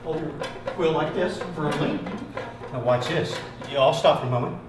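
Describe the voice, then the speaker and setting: A man's voice: on the high side, normal speed. A man leading a group drum workshop, asking the participants questions and praising them over and over. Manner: encouraging, asks the group questions, repeats praise. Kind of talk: hands-on group music lesson. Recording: echoey room from far off, background noise.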